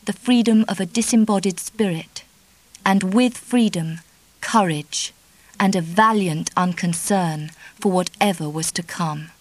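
Female audiobook narrator, mid-pitched, measured and even delivery. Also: rough recording. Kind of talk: scripted narration.

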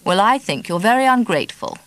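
A woman reading an audiobook, voicing a self-satisfied man with a deep, charming voice who coaxes and soothes. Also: animated, a little fast, a bit bright, no echo, lightly acted. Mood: smug. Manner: coaxing, smug.

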